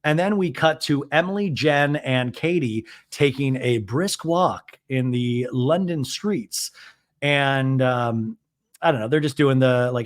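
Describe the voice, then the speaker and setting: A man hosting a podcast, giving casual, animated, self-deprecating recap commentary. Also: a little high, measured pace. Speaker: podcast host.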